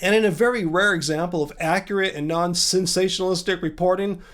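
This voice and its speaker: A man's voice: high voice, fairly even intonation, fairly quick, a bit bright, faint music behind. A man hosting a commentary vlog, talking in an emphatic, argumentative and sarcastic way. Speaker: vegan channel host.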